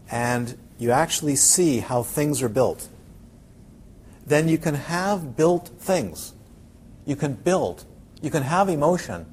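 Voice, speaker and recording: A man with a fairly high voice gives an animated dharma talk and keeps checking in with his listeners. He slips into quick acted-out quotes. Faint room noise sits behind him. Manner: animated, asks the audience many questions, acts out quotes. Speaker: Buddhist teacher. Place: room with a class audience.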